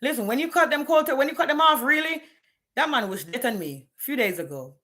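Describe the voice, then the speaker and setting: A woman's voice: high-pitched, animated, fairly quick, a bit bright. A woman, ranting bluntly and profanely on a live stream, challenging her viewers. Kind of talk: candid live-stream rant.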